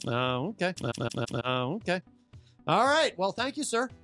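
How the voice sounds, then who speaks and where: Brief: male call-in host, animated pitch, bemused and repetitive. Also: normal speed, soft background music. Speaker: radio talk show host. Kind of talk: talk radio call screening.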